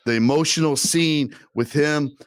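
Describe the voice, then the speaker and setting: A man's voice: on the high side, measured pace, no room sound. A man co-hosting a casual comedy podcast, crude and joking, who acts out movie scenes with big swings in emotion. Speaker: podcast co-host.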